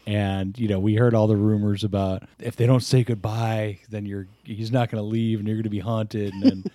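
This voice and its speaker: Laid-back middle-aged man with a low, mellow voice. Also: level tone, no room sound. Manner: laid-back, drawn-out "uh" fillers. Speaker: podcast co-host. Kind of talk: casual chat.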